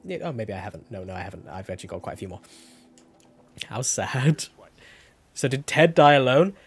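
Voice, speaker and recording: A man's voice: mid-range voice, very animated, fairly quick, husky. A young man chatting casually while streaming a game, rambling and correcting himself as he goes. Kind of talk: casual gameplay commentary.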